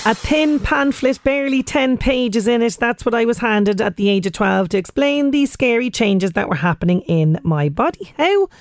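A woman's voice: a little high, moderate pace, hardly any pauses, no room sound, clean studio sound, faint music behind. An Irish woman in her late thirties hosting a radio show, chatting casually and acting out little voices. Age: late 30s. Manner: chatty, animated, acts out voices. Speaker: radio presenter.

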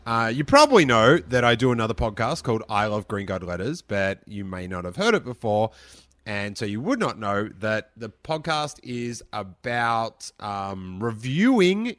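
A man's voice: mid-range voice, big pitch swings, unhurried, fairly bright tone, no room sound. A young man hosting a podcast, answering listener questions in a rambling, chatty, self-amused way. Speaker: podcast host. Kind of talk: casual listener Q&A chat.

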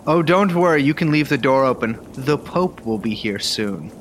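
A man playing a smug fascist plotter welcoming guests to his villa, mock-grand and deadpan. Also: medium pitch, normal speed, a little hiss or hum, natural voice. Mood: mock grandeur.

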